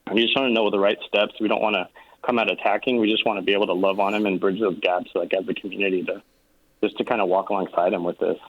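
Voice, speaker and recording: A man's voice: lowish voice, level tone, fast talker. A man calling in to an advice show, hesitant and filling his speech with ums. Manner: hesitant, many fillers. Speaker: caller. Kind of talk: phone call to a talk show. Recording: muffled phone line.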